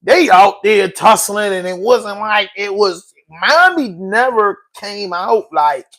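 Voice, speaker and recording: High-voiced man ranting on a podcast. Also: expressive, takes it slowly, fairly bright tone. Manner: emotional, repetitive, slangy, keeps saying bro. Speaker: podcast host. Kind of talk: casual commentary monologue.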